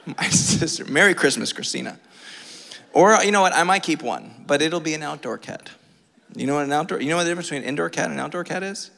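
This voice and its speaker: A man preaching a sermon from a church, telling a funny personal story with lively, self-mocking energy. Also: a little high, fast talker, gravelly. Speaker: pastor. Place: church sanctuary. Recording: long reverb of a church hall.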